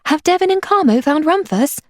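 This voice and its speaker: A woman's voice: high voice, lively intonation, a little fast, no echo, studio quality, pitched above the performer's own voice. A woman doing a breathless, anxious teenage girl. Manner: breathless and tearful.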